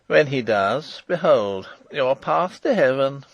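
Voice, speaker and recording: A man's voice: mid-range voice, sing-song, measured pace, creaky, a bit bright, no room sound, lo-fi sound, exaggerated voice. A man voicing a mocking English ruffian of a jailer, with a harsh, grating, sneering voice.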